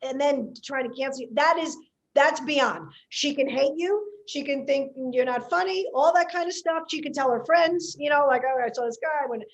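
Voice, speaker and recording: A woman comedian, telling a story in casual podcast chat, animated and chatty. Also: sits high, moderate pace, lo-fi sound.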